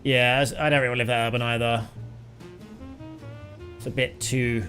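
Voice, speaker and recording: While piloting a simulator on stream, a young man from Britain rambles to his live chat and laughs a lot. His medium-pitched voice is fairly bright and fairly flat, his pace normal, and soft music plays in the background.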